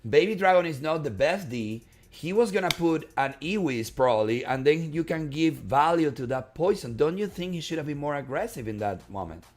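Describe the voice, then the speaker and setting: Male esports caster, higher register, reactive play-by-play, faint background music. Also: expressive, moderate pace, few pauses. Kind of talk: live game commentary.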